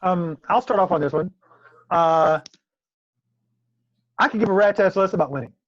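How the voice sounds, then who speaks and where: A man telling a story with lively energy in casual chat, swearing freely. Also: sits high, normal speed, dry recording, muffled recording. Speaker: co-host fighter.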